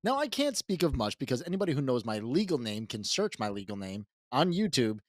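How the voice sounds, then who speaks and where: Animated teasing man on a podcast. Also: medium pitch, a little fast, no room sound, studio quality. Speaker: co-host. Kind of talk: casual chat.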